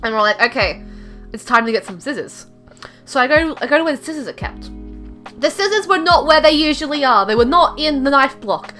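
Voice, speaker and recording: A woman's voice: high-pitched, animated, fairly quick, bright, forceful tone, soft background music. A young woman casually telling a rambling story, heavy on fillers and self-mocking.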